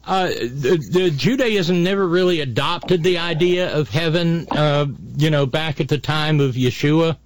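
A man's voice: on the high side, unhurried, few pauses, no echo. An older man hosting a podcast, talking in a sarcastic, mocking way with lots of ums and restarts. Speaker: podcast host. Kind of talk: casual political commentary.

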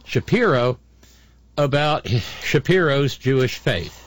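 A man's voice: medium pitch, unhurried, no room sound. An older man hosting a podcast, talking in a sarcastic, mocking way with lots of ums and restarts. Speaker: podcast host. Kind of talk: casual political commentary.

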